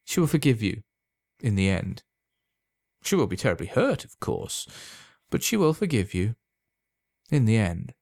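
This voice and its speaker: A sly old potion seller, calm and knowing, who lets every promise slip out smooth and unhurried, as a man reads him aloud. His voice sits low and quietly insinuating, recorded close and dry with no room around it. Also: no echo, heavily acted.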